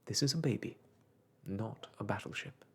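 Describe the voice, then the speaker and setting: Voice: medium pitch, moderate pace, a bit bright, husky. A reader in a whispered role-play voicing a stern, prim nanny in a storybook, warning the children.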